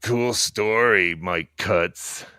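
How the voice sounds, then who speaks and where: Low-voiced man cursing on a livestream. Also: very slow, clean tone, dry recording, clean studio sound. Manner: profane, rambling storytelling; talking quietly so as not to wake others. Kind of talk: casual livestream monologue. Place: home at night.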